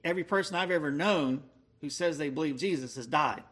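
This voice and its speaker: A man preaching an expository sermon, slowing down to stress key words. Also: a little high, a bit bright, slightly rough. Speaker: pastor.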